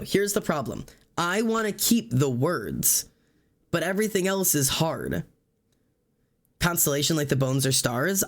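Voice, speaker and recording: A man streaming live, chatting casually while he sketches tattoo ideas, rambling with many fillers and the odd curse. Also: fairly high pitch. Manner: rambling, full of fillers and swearing. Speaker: livestreamer.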